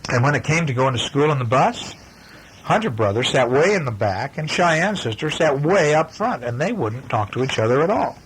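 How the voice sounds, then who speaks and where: Hoarse dad reading a bedtime story. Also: male voice, medium pitch, very animated, slight background noise, low-quality recording. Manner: gentle, chatty, pausing to talk about the pictures. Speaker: father reading to his children.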